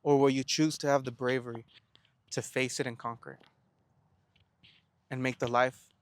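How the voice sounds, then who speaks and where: A young man speaks with plain, middle-pitched earnestness, working through a motivational talk by asking questions and answering them. He often stammers and restarts a word before pressing on. The sound is dry and close, with no room around it. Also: little pitch movement, normal speed, no room sound. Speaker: self-help vlogger. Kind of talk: reflective motivational monologue.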